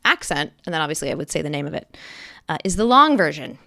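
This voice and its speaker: A middle-aged woman, an actress, chatting as an interview guest and telling animated stories with lively quoted bursts. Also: low voice, quick pace, vocal fry, dry recording, clean studio sound. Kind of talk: casual interview chat.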